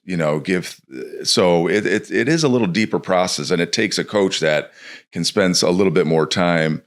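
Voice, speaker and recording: A man from Chicago with a very low voice talks as a podcast guest. He is a former pro ballplayer who speaks relaxed and casual. He livens up when he acts out what people said to him. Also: moderate pace.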